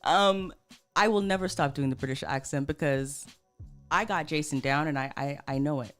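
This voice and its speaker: A woman with a Toronto accent co-hosting a casual radio chat, animated and teasing as she jokes around. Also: deep voice, normal speed, smooth, soft background music. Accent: Canadian, Toronto. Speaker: radio co-host.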